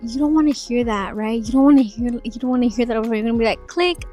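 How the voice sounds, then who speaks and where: A woman's voice: fairly high pitch, racing, soft background music. A woman in her twenties, an insurance sales agent, chatting casually and animatedly in an advice vlog. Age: 20s. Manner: chatty, animated, demonstrates phone voices.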